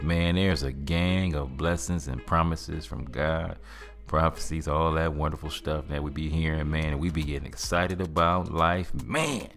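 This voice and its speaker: A man hosting a podcast, giving an earnest faith-based motivational talk in casual speech, slowing down to stress key phrases. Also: very deep voice, steady tone, gravelly, a bit bright, soft background music. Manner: earnest, preachy, colloquial with "man" and "fam". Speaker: podcast host.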